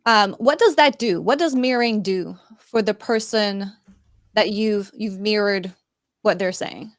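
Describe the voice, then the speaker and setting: A woman's voice: medium pitch, measured pace, dry recording. Woman interviewer, hesitant delivery, dry booth-like sound, asks about negotiation. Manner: hesitant, many fillers and restarts. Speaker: host, workplace and construction industry. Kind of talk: conversational interview.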